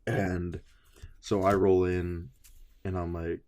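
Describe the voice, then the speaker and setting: A young man with a very low voice co-hosts a casual podcast. He tells stories in a loose, animated way and swears freely. He keeps slipping into the voices of the people he quotes. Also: takes it slowly. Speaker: podcast co-host. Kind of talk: casual chat.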